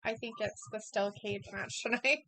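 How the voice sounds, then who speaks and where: Giggly bright-voiced woman reading chat. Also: medium pitch, steady tone, moderate pace, rough recording. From Idaho, USA. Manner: giggly, reads viewer comments aloud. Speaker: co-host reading chat comments. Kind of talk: casual live watch-along chat.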